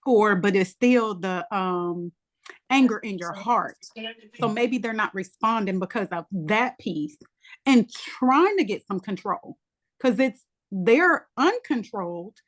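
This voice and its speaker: A married woman with children in a Bible study group, telling animated, colloquial stories in a casual discussion. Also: mid-range voice, takes it slowly.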